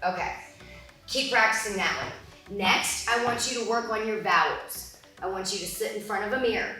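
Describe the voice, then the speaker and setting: Young woman drama teacher, clear careful words, echoey room, soft music behind. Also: medium pitch, recorded from a distance. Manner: instructive, slow deliberate enunciation. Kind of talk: online acting lesson.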